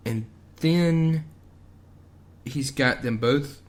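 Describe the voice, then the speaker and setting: A man's voice: medium pitch, extremely slow. A man co-hosting a podcast, casually adding plot details while a movie is recapped. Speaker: podcast co-host.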